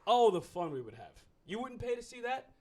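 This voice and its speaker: A man's voice: very high voice, very animated, moderate pace. A man doing a stand-up comedy set, rambling, profane and self-mocking.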